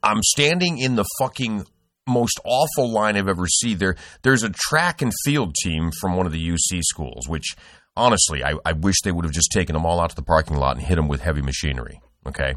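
Deep, animated, profane storytelling man. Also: a little fast, dry recording, studio quality. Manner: profane, rambling storyteller with many restarts. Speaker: podcast host. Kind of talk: casual podcast chat.

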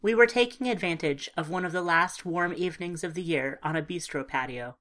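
A woman narrating a first-person story in a calm, measured, understated way. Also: lowish voice. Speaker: audiobook narrator.

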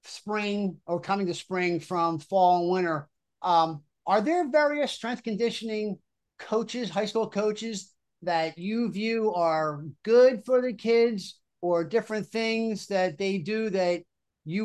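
A middle-aged man, a football coach hosting a casual chat, telling stories in an animated way and often repeating his words. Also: high voice, slow.

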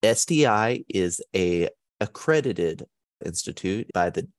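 A man with a low voice talks through a podcast episode as its stand-in host, chatty and easygoing, poking fun at his own slips. His voice comes across smooth and clear in a dry, close recording. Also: animated, slow, no echo. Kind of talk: casual podcast talk.

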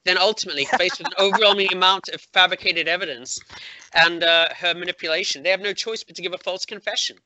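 A man's voice: high-pitched, steady tone, fast talker, pushed and bright, slight background noise. A man hosting a podcast over a video call, casually chatting and spinning a mock-serious theory with playful delivery. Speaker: podcast host. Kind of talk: casual chat.

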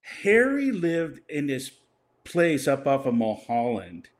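Slow and mid-range, with huge swings in pitch, an older man rambles through a casual story. Frequent laughter punctuates it, and he imitates the words of others.

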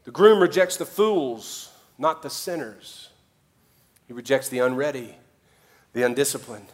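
A male pastor preaching a sermon, animated, with sudden drops to quiet and jokey asides in put-on voices. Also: medium pitch, a little slow.

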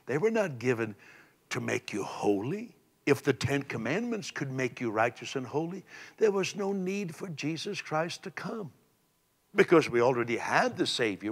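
A man pastor preaching a sermon, swinging from loud emphasis to soft, low asides. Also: big-room sound.

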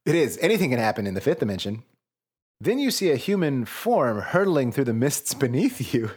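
Brief: husky male podcast co-host, lively pitch, mock-dramatic gamebook reading. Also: brisk. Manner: animated, swearing, mock-dramatic. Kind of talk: comedic read-through with commentary.

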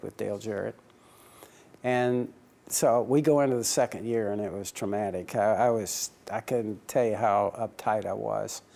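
A man's voice: medium pitch, creaky, a little mellow. A man who owns a racing team, answering interview questions with anecdotes, chuckling often and acting out old conversations. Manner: chuckling anecdotal storyteller, acts out dialogue.

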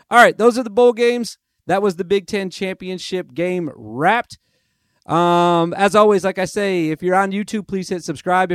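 A man's voice: high voice, dry recording, clean studio sound. A young man hosting a casual sports podcast, rambling and chatty, amusing himself as he goes. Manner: chatty, rambling, self-amused. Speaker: podcast host. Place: lives in Nashville.

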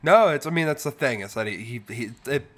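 A man with a voice of middling pitch co-hosts a casual podcast. He answers with dry, wry asides and keeps the talk relaxed. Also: a little fast. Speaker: podcast co-host. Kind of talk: casual chat.

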